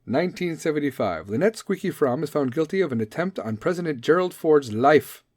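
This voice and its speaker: Profane sarcastic podcast host, dry sound. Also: male voice, fairly high pitch, animated, brisk, a little mellow, no room sound. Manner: profane, sarcastic riffing on history facts. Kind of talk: casual comedic commentary.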